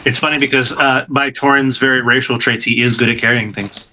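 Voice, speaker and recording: A man's voice: medium pitch, fairly even intonation, a little fast, background noise. A man running a tabletop game as game master, narrating with frequent laughs. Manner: laughing often, rambling.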